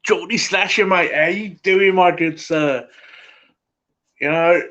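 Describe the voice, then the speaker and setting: A man with an Essex accent talks to his stream chat in a loose, halting ramble, stacking fillers and tossing "mate" into nearly every sentence. His voice sits a little high for a man, and the audio is muffled and lo-fi. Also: bright, forceful tone. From England. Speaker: livestream host. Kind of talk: casual live-stream chat.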